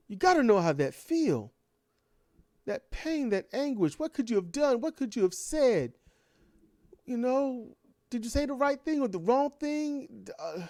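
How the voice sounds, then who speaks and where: A man's voice: high-pitched, mellow, no echo, studio quality. A man delivering an impassioned ranting monologue full of repeated rhetorical questions. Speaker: commentator.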